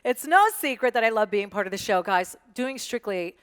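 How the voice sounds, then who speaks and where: A middle-aged woman reads tweets aloud at a live event, joking and sassy as she comments on each one. She talks at a middling pitch, and her voice carries a long reverb from a large hall. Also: normal speed, smooth. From United States. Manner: animated, joking, sassy asides. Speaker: guest reading tweets on stage. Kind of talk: live reading to an audience. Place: event space with audience.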